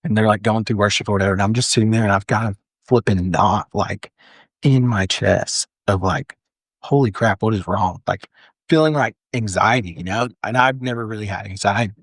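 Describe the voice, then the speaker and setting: Young adult male, lower register, dry studio sound; earnest interview guest recounting a story. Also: fairly quick, no room sound. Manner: earnest, frequent "like" fillers and restarts. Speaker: firefighter guest. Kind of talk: candid storytelling in a podcast interview.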